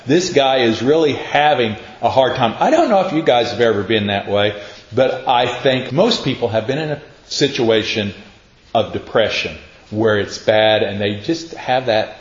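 A man's voice: medium pitch, moderate pace. A man preaching a conversational sermon, folksy and casual, acting out scripture in everyday speech. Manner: casual, folksy, acts out scripture in plain talk. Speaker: pastor. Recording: roomy, dull sound.

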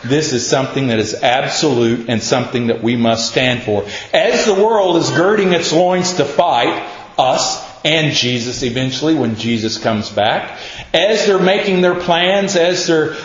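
A man preaching a sermon in an emphatic, folksy way, slowing down for quoted lines. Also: a little high. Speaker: pastor. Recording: roomy echo, dull lo-fi sound.

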